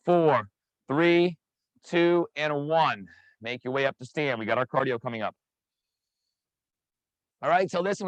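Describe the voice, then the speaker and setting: An energetic man coaching a live online workout class over a video call, counting down reps and calling out participants by name. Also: on the high side, no echo, poor audio. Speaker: fitness instructor.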